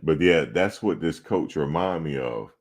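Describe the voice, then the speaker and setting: A man with a very deep, low voice spinning a casual story, swooping up and down in pitch as he gets into it. He laughs and cusses freely, talking like a host among friends. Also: unhurried. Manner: animated, profane, laughing. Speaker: show host.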